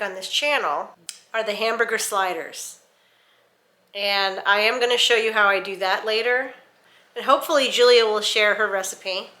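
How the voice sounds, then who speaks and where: A woman's voice: medium pitch, bright, forceful tone, low-quality recording. A woman hosting a casual home cooking vlog, chatting through each step as she goes. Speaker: cooking channel host. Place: home kitchen.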